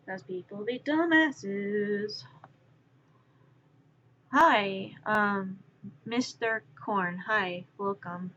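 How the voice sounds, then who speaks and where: A woman streamer chatting casually with viewers while she crafts, rambling and distracted, sometimes muttering softly to herself. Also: medium pitch, extremely slow, long pauses, slight background noise. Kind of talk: casual live-stream chat. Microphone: wearing headphones. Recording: dull lo-fi stream audio.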